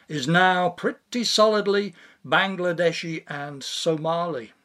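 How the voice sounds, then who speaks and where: A man's voice: a little high, fairly bright tone. A man reading a scripted commentary monologue in a dry, sardonic manner. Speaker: podcast commentator.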